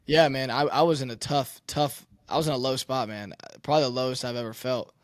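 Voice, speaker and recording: A man's voice: medium pitch, steady tone, brisk, no echo, studio quality. A young man who plays college quarterback, telling his story candidly and emotionally, swearing and saying "man". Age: young adult.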